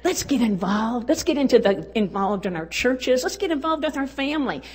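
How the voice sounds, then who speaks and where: A woman's voice: on the high side, expressive, moderate pace, slightly rough. An older woman giving a folksy, exuberant testimony talk at a church women's event, urging and cheering her listeners on. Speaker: women's conference speaker.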